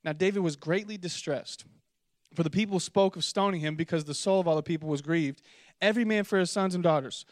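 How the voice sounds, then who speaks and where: Lively young male pastor, high voice. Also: fairly quick, dry recording, clean studio sound. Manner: animated, playful, jumps into high excited voices for quotes. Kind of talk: sermon with comic storytelling. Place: church auditorium with congregation.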